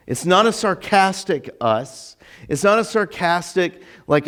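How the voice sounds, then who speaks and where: A man preaching to his congregation in a relaxed, talky way, his voice sitting a bit high for a man and leaping much higher whenever he acts out someone's words. He fills his sermon with "right?" and "like," and sounds like he is talking with the room rather than reading to it. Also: measured pace. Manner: animated, acts out quotes with sudden rises in pitch. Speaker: pastor. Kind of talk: conversational sermon. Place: church.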